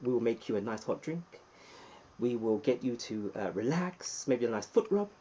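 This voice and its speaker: An English man hosts a casual live stream, greeting viewers by name and joking between shout-outs. His voice is mellow and a little husky. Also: medium pitch. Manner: playful, gives chatty shout-outs to viewers. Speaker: live streamer hosting a YouTube chat.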